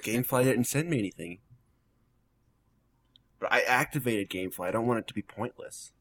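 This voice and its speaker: A man's voice: mid-range voice, lively intonation, brisk, a bit bright. A man co-hosting a podcast in casual chat, joking and laughing often. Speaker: podcast co-host.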